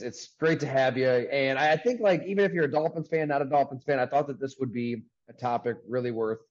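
A man hosting a casual sports podcast over a video call from a sports bar, talking in an upbeat, chatty way with quick asides. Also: a little high, a little mellow, muffled recording. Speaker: podcast host.

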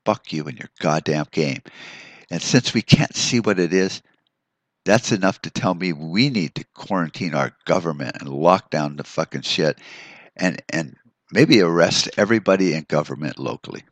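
A man's voice: deep voice, normal speed, no echo. A man hosting a solo podcast, delivering a profane, rambling rant full of restarts. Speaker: podcast host. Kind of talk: ranting solo podcast monologue.

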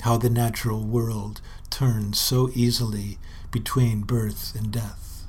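A man giving a hushed, contemplative literary reading, with faint music behind him. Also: fairly low pitch, little pitch movement, a little hiss or hum. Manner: slow, hushed, contemplative delivery. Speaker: essay reader.

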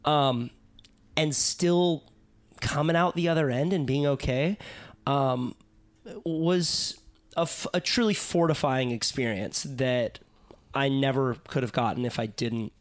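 A man hosting a podcast, telling a personal story in a reflective way that trails off softly. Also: mid-range voice, a little slow, no room sound. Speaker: podcast host. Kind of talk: casual podcast conversation.

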